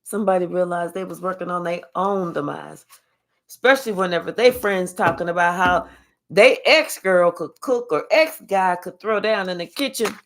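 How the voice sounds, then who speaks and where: A woman's voice: on the low side, normal speed. A woman giving a spiritual reading as a blunt, sassy storytelling monologue full of slang. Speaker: spiritual reader.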